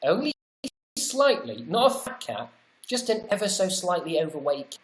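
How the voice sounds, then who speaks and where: A British man hosting a casual livestream, reading viewer comments out loud and answering them with chatty, wry, self-deprecating asides. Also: high voice, sing-song, normal speed, echoey room. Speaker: livestream host.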